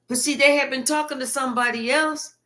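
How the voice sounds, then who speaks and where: High-voiced woman giving a spiritual reading. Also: a little fast. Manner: animated, profane storytelling, acting out quotes. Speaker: tarot reader.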